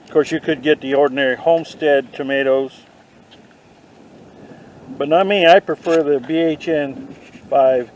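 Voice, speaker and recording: Man joking deadpan on a garden walk. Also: on the high side, a little slow, pauses often, poor audio. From not from the South. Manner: deadpan punning asides. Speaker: vlogger. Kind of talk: joking walk-through commentary. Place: outdoor garden. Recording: faint outdoor noise.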